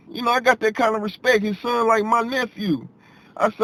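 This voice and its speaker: A man telling a personal story to his audience in a casual, animated way, often repeating himself and acting out what others said. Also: very high voice, moderate pace, rough recording.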